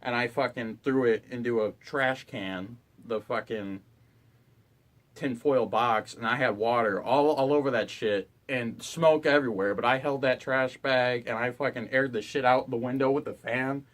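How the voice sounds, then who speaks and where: A man's voice: medium pitch, normal speed, fairly bright tone. A young man and college student ranting to camera in his dorm room, exasperated and profane. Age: young adult. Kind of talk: ranting vlog.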